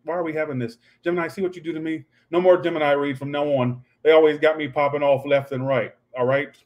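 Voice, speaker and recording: A man's voice: fairly high pitch, steady tone, fast, lo-fi sound. A man doing a casual livestream tarot reading, talking in a snappy, profane, ranting way. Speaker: tarot reader.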